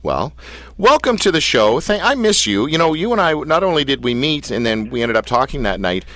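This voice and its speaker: A man's voice: medium pitch, sing-song, a little fast, pushed and bright, dry recording. A man hosting a casual interview show, telling rambling stories and teasing his guest. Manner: playful, rambling storyteller who teases his guest. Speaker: radio show host.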